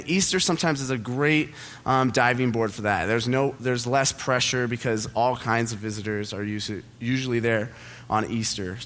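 A man's voice: medium pitch, normal speed, a bit bright. Chatty young man giving a casual sermon. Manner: chatty, self-deprecating, laughs at own jokes. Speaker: pastor. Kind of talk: casual sermon with personal story. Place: church auditorium.

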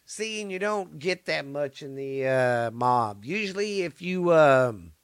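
A man's voice: fairly high pitch, lively intonation, slow, clear, resonant tone, no room sound, clean studio sound. A man hosting a podcast, rambling and cursing casually, often stumbling over names as he reads. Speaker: podcast host.

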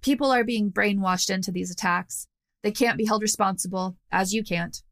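A calm, mild-mannered male detective who speaks in a measured, unhurried way, as a woman narrator reads him. The voice is her own, with a light gravelly texture. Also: medium pitch, natural voice.

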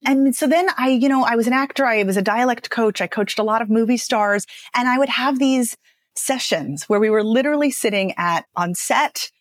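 A woman's voice: fairly high pitch, moderate pace, no room sound. Chatty woman speech coach telling stories. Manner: chatty, animated storyteller who laughs often. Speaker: speech and dialect coach, author. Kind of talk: conversational podcast interview.

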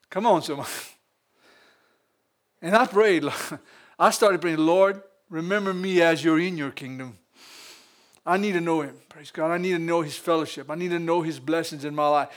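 Louisiana pastor, high-pitched male voice, lively preaching style. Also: normal speed, pauses often. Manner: lively preaching with frequent laughs and call-outs to the congregation. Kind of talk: sermon.

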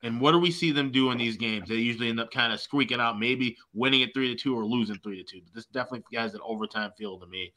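A man co-hosting a hockey betting show, laying out his picks in a casual, measured way. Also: medium pitch, pushed and bright.

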